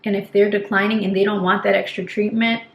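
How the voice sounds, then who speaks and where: A woman's voice: mid-range voice, level tone, a little fast, gravelly, lo-fi sound. A young woman, a nurse, talking earnestly and casually to camera in a vlog, with fillers and restarts. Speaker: nurse vlogger. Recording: echoey room, faint background noise.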